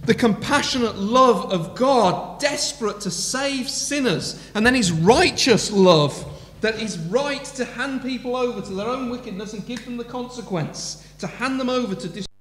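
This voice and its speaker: A man's voice: very high-pitched, normal speed, few pauses, fairly bright tone, breathy edge. A man preaching an impassioned sermon in a church, full of rhetorical questions. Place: church hall. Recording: long church hall reverb.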